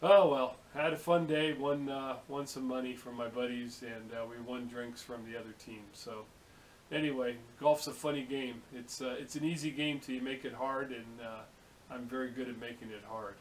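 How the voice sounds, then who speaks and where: A man's voice: medium pitch, level tone, moderate pace, slight background noise, poor audio. Chatty man rambling from his car. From San Francisco Bay Area, USA. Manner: chatty, swearing, storytelling with quoted dialogue. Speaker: vlogger. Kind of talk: casual rambling monologue.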